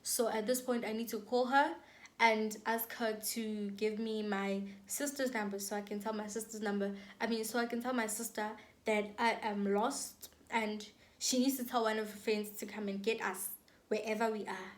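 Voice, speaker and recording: Animated young South African woman, higher voice. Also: moderate pace. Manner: animated, dramatic retelling with repetitions and acted-out quotes. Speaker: YouTuber. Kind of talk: storytime vlog.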